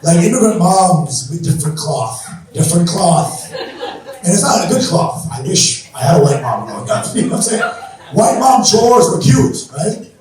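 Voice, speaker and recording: A young man from Bangladesh doing a punchy standup set, shouting his punchlines and mimicking his mom. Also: sits high, very animated, normal speed. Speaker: standup comedian. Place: comedy club stage before a laughing crowd. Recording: echoey club, distant, loud crowd laughter.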